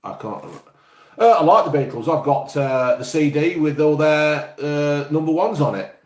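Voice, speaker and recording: A man's voice: a little high, normal speed, a little mellow, reverberant. A man from the East Midlands hosting a live stream, reading viewer comments in a blunt, jokey, sweary way. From England, East Midlands.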